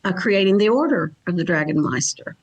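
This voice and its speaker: A woman's voice: on the low side, animated, fairly quick, slightly rough, lo-fi sound. A woman from Kentucky, a psychic and event organizer, chatting easily as a podcast guest and humming along in agreement. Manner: easygoing, chatty, lots of soft agreeing hums. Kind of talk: casual chat.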